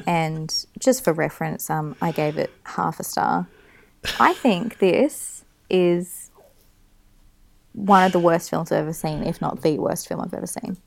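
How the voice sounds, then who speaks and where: A woman's voice: sits low, flat delivery, moderate pace, vocal fry, few pauses, a little mellow, a little hiss or hum. A woman co-hosting a podcast, ranting bluntly and with exasperation in casual chat. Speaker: podcast co-host.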